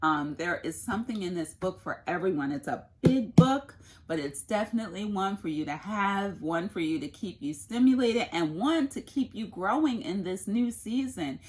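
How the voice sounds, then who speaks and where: A woman's voice: medium pitch, animated, moderate pace, darkish tone. A woman, a mother, talking through her favorite things in an earnest, casual faith and lifestyle vlog. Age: adult, mother of a son. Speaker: lifestyle vlogger.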